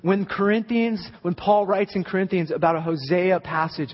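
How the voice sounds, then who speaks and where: A young man delivers a sermon in a husky, somewhat high voice, pushing hard when a point lands and dropping low for scripture. The recording is dull and lo-fi, with a long reverb from a large hall. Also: normal speed, hardly any pauses. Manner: emphatic, rising to a near-shout at climaxes. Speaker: pastor.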